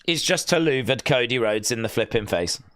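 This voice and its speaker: A man hosting a live watch-along stream, reacting excitably to the action and reading out viewer chat messages. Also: mid-range voice, normal speed. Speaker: livestream host.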